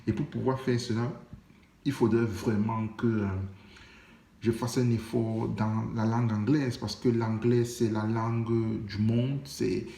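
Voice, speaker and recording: Young man with a gravelly French accent. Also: lowish voice, little pitch movement, warm tone, reverberant. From Africa. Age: young adult. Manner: halting, many restarts and fillers. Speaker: vlogger. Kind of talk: casual vlog monologue.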